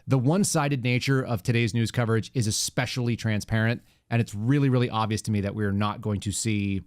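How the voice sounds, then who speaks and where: A man hosting a casual political podcast, talking in a sarcastic, rambling way with quick asides. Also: lowish voice, fairly even intonation, dry recording, studio quality. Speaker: podcast host.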